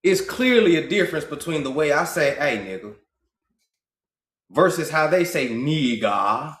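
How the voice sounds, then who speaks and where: A man from Georgia with a Southern US accent, hosting an impassioned livestream monologue. He talks emphatically and profanely, his voice climbing high when he gets worked up. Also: brisk. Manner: emphatic, profane, rising to excited high pitch. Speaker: livestream host. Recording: roomy echo.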